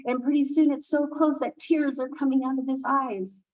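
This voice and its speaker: A woman telling a traditional folk tale aloud at a conference, unhurried and expressive, with asides to listeners. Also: high-pitched, recorded from a distance, slight background noise, low-quality recording. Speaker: storyteller speaking at a conference. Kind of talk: oral storytelling of a folk tale.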